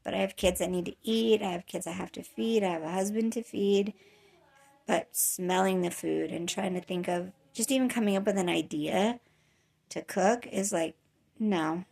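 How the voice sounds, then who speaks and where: A woman's voice: mid-range voice, moderate pace, gravelly, a little mellow. A woman in her thirties talking candidly in a casual personal vlog, rambling with many fillers and restarts, worn down by chronic nausea. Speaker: vlogger.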